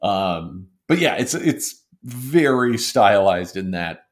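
A man's voice: fairly low pitch, big pitch swings, takes it slowly. A young man co-hosting a podcast, chatting casually with dry, sarcastic humor. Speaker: podcast co-host. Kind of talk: casual chat.

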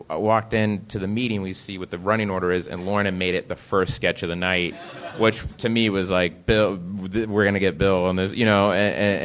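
A comedian telling lively anecdotes at a live venue, slipping into voices as he goes. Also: mid-range voice. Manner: animated, breaks into voices and laughs. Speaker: comedian, guest on a live talk show.

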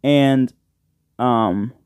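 Speaking extremely slowly, this man has a mid-range, slightly mellow voice with a clean tone and no echo. He hosts a casual podcast by himself, rambling, cracking jokes, cursing freely and calling everyone "bro," with a side-address studio microphone in front of him.

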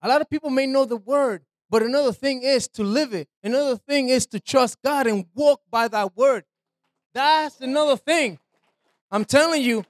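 A man's voice: very high voice, no echo. Guy preaching super casual, keeps going "right?" and "man", dry close sound. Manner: conversational, checks in with listeners; slangy, repeats "man" and "right". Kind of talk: informal sermon.

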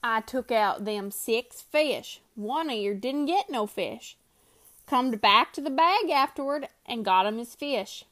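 A woman's voice: a little high, lively intonation, slow pace, a bit bright. A woman voicing an uneasy grizzled sled-dog driver with a rustic backwoods dialect.

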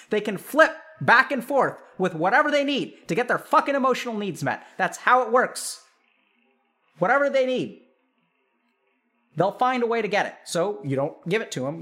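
A man giving advice on family relationships, animated and acting out both sides of an argument. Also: sits high. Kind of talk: animated advice monologue with role-play.

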